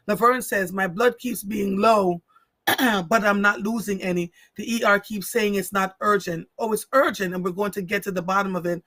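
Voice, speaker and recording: High gravelly-voiced man hosting live. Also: pushed and bright, no room sound. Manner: earnest, emphatic, repeats phrases for stress. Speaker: live show host. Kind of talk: live-stream talk, reading viewer chat aloud.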